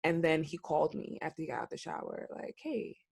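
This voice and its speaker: A woman co-host with a gravelly, fry-edged voice, chatting casually on a podcast. She tells stories with animated energy, jumping into the voices of the people she quotes. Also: low-pitched, fast. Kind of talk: casual chat.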